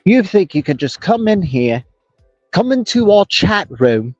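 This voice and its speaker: A man's voice: high-pitched, very animated, unhurried, no echo, pitched above the performer's own voice, heavily acted. A man putting on a cheeky English bloke accent. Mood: mock scolding. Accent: put-on English. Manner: teasing, exaggerated mock-outrage. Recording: dull lo-fi phone stream with music.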